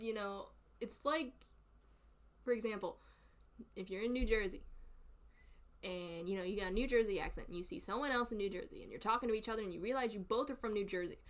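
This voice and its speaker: Southern gal streaming, just chatting, giggles a lot, kinda high voice. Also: female voice, a bit bright. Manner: chatty and giggly, laughs often. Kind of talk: casual chat.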